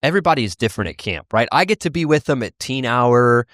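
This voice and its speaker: A man co-hosting a casual podcast, easygoing and quick to laugh, restarting his sentences as he talks. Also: medium pitch, expressive, a bit bright, no echo, studio quality. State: short on sleep. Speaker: podcast co-host. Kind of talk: casual chat.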